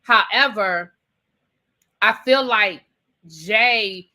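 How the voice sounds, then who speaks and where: Bright-voiced, opinionated woman co-host. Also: medium pitch, drawn-out words. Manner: opinionated, emphatic, addresses people directly. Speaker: podcast co-host. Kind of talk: casual recap chat.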